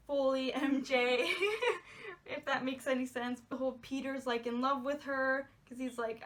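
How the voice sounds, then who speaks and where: A woman's voice: high-pitched, fairly bright tone. A young woman chatting casually in a movie review, gushing and giggly, rambling with lots of "like"s. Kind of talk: casual spoiler review chat.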